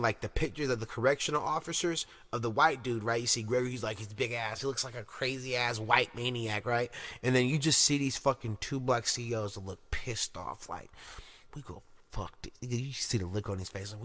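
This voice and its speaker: Bright-voiced profane podcast host. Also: male voice, mid-range voice, fairly even intonation, brisk, hardly any pauses. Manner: loud, swearing rants with shouted put-on voices. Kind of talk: profane casual monologue.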